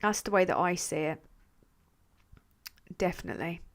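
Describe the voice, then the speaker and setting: A woman's voice: lowish voice, normal speed. English woman rambling on a livestream. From England. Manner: swears freely, rambling, laughs often. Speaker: channel host reading live chat. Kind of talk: casual livestream chat.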